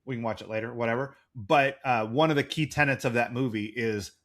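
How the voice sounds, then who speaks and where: A man's voice: medium pitch, brisk, fairly bright tone. A man in his forties co-hosting a podcast in casual chat, rambling and jokey. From United States. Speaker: podcast co-host.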